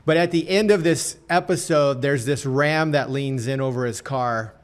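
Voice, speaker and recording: A man's voice: medium pitch, normal speed, clean tone. A chatty man hosts a podcast conversation in a mid-range voice. He tells stories with frequent restarts and keeps the exchange moving with his guest. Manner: chatty, laughs while telling stories, self-interrupting. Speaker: podcast host.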